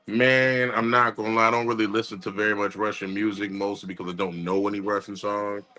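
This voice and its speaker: A man's voice: lowish voice, flat delivery, fairly quick, bright, forceful tone. A man streaming live and chatting casually as he reacts to videos, in laid-back, profane slang.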